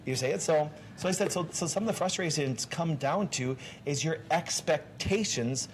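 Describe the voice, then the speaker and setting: A man's voice: on the high side, moderate pace, a little hiss or hum. A man hosting a casual health talk show as a doctor, talking emphatically, with restarts and rhetorical questions.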